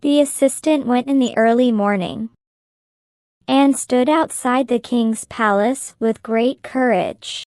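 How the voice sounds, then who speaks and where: Slow, clear woman reading a story. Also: fairly high pitch, a little mellow, dry recording, clean studio sound. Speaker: narrator. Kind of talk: slow graded-reader story narration.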